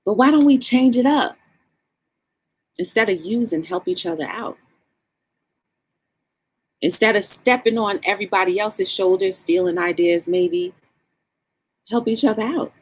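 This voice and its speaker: A woman's voice: mid-range voice, a little slow, long pauses, slightly rough. A woman hosting a livestream talk show, chatting casually and encouraging her viewers. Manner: animated, encouraging, greets chat viewers.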